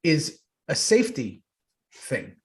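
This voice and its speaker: A man co-hosting a podcast, telling animated stories in casual chat and swearing freely. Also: on the high side, takes it slowly, breathy edge. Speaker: podcast co-host.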